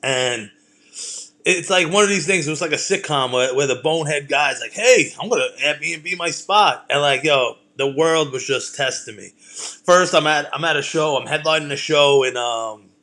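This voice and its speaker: A man's voice: on the high side, normal speed, pushed and bright. A man, a comedian and host, talking in a loose, rambling monologue full of swearing and self-deprecating jokes. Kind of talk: casual monologue.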